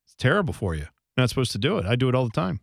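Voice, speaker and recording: A man's voice: medium pitch, sing-song, gravelly, dry recording. A man co-hosting a radio show in a studio, joking and bantering loosely. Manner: joking, loose, drawn-out pauses. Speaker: radio co-host.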